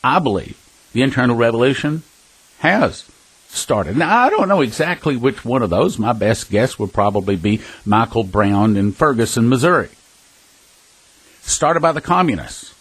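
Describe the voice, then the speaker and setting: Earnest male preacher, mid-pitched husky voice, emphatic storytelling delivery. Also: very animated, moderate pace, no echo, low-quality recording. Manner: earnest, emphatic, with scattered restarts and chuckles; addresses listeners as brothers and sisters. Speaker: prophecy ministry speaker. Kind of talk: preaching talk with personal storytelling.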